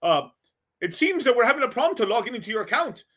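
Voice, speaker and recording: A smarmy scam caller with an Indian accent, put on by a man sits well above the speaker's own pitch. He sounds overly polite and scripted, stumbling through a pitch that tries to pry loose a login. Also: sing-song, quick pace, fairly bright tone, exaggerated voice. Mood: mock polite.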